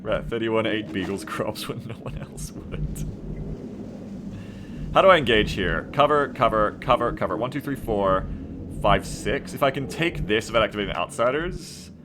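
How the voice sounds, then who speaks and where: A man streaming a strategy game live, excitable and rambling, swearing freely as he plays. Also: on the low side, moderate pace, background noise. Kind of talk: casual gaming livestream commentary.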